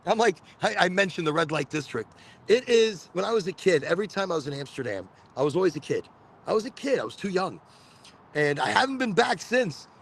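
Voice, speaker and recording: A man's voice: sits high, very animated, a little fast. A man hosting a live cannabis podcast, chatting casually and rambling, often repeating words as he tells stories. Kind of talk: casual livestream chat. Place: Florida.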